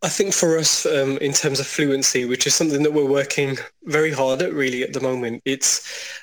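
A man, an experienced teacher, talking through classroom practice in a measured, conversational way, with frequent restarts. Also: mid-range voice, steady tone. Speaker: school teacher and trust leader. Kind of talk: conversational podcast interview.

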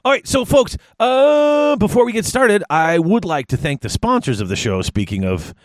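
Rowdy podcast host guy, voice bounces all over, kinda high, dry sound, faint music behind. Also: sing-song, moderate pace, no echo. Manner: boisterous, self-mocking banter. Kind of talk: joking podcast chat.

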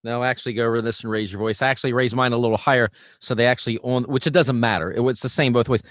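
A man teaching singing in a relaxed, chatty way, full of fillers and restarts. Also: medium pitch, very fast, no echo, clean studio sound. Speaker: vocal coach. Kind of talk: casual instructional talk.

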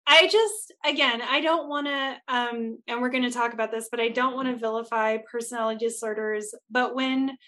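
A woman talking on a casual chat show with a voice sitting a little high. She is blunt and candid, swearing freely and acting out other people's words as she goes. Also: fairly even intonation, normal speed, few pauses, bright, forceful tone.

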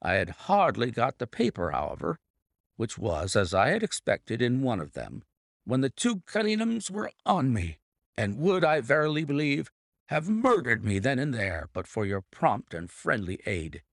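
A man reading an audiobook, voicing a brilliant male detective explaining a case in a measured, deliberate way. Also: medium pitch, huge pitch swings, creaky, dry recording, studio quality, heavily acted.

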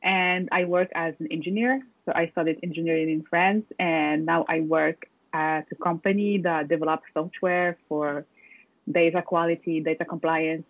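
A woman's voice: deep voice, steady tone, normal speed, no echo, narrow, tinny audio. A woman from Morocco, chatting casually as an interview guest and using frequent fillers.

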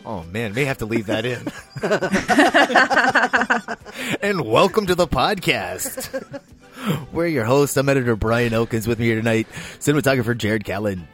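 Animated laughing male podcast host. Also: mid-range voice, moderate pace, long pauses, faint music behind. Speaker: podcast host, film editor. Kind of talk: casual chat.

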